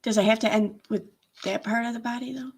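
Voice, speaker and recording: A woman's voice: on the high side, fairly even intonation, quick pace, gravelly, a little mellow, slightly rough. A woman hosting a casual livestream, chatting and reacting with sarcastic, laughing commentary. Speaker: commentary channel host.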